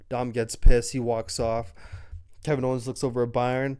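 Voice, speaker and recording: A man's voice: mid-range voice, flat delivery, normal speed, mellow, clean tone. A man recapping a wrestling show in casual, rambling chat, full of fillers and offhand swearing.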